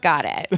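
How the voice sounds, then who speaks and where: A woman giving a comedic hot take as a panelist, fast and profane, building to a punchline. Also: background noise.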